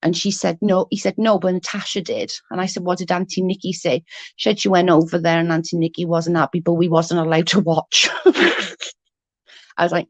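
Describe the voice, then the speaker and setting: A woman in her thirties vents into the camera with a fairly low voice, her swearing storytelling loose and fired up. The sound is dry and close, with no room behind her. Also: fairly quick, dry recording. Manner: heated, swears freely, animated retelling. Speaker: vlogger. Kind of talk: casual storytelling vlog.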